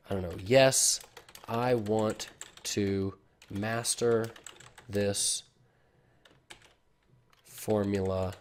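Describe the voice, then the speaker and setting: A man giving a casual screen-recorded software tutorial, explaining step by step with frequent fillers and "okay?" check-ins, recorded on a desktop computer mic. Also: medium pitch. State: has the hiccups. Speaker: online marketing tutor.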